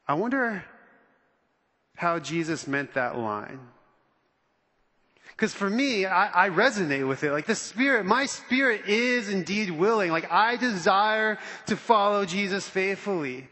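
A pastor preaching in a high, bright voice, animated and conversational. He slips into the quotes he reads and plays them out. His voice rings through a long church-hall reverb. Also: measured pace. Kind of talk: sermon.

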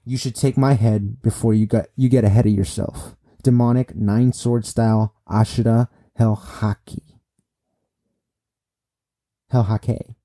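A man reading the lines of a wounded, exhausted male swordsman in a flat, strained way. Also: on the low side, measured pace. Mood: grim.

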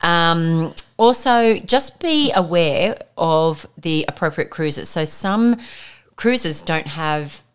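Aussie mum in her 40s, lowish voice, chatty and laughing thru her stories. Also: slow pace, smooth. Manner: animated storyteller, laughs often. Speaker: podcast co-host. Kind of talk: casual chat.

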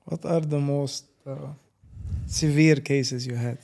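A man's voice: on the high side, steady tone, takes it slowly, creaky, dark tone. A man interviewing a guest, asking short direct questions.

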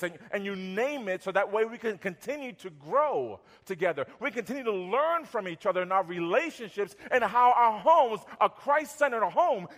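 A man in his thirties or forties preaching a sermon as pastor, conversational, repeating words and going soft when acting out apologies. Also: high voice, big-room sound.

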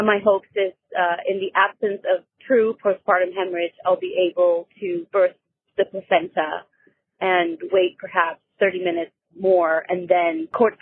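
A woman leaves an earnest, polite question over a tinny phone line. Her voice is slightly husky, and she speaks in a halting, sincere way at a medium pitch. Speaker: caller. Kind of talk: recorded listener question.

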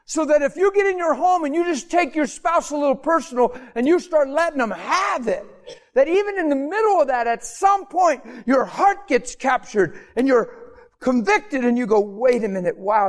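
Guy preaching a sermon, pretty high voice, gets all fired up then goes soft, acts out little voices. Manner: impassioned, rising to high emphatic peaks then dropping soft; acts out quoted voices in conversational asides. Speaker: pastor.

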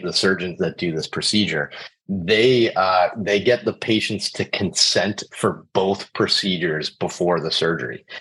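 A man hosting a podcast, upbeat and quick to laugh, with casual fillers as he explains. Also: deep voice, fairly bright tone, breathy edge, rough recording. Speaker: podcast host.

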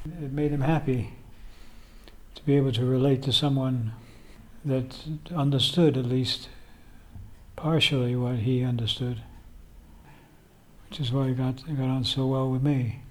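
A man's voice: mid-range voice, steady tone, measured pace, long pauses, darkish tone. An older man, a songwriter, reflecting at length in a casual interview, rambling with fillers. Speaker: songwriter guest.

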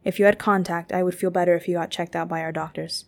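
A woman voicing a calm, polite male agent who speaks in a measured, formal way in an audiobook. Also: on the low side, creaky.

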